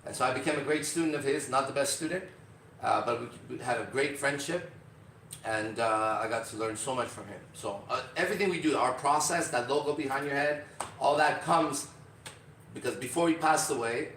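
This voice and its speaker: A man hosting a podcast, telling a story in a casual, profane and animated way, acting out other people's lines. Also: mid-range voice, a little fast, a little hiss or hum. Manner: profane, animated, acts out quotes. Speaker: podcast host. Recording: roomy, distant from mic.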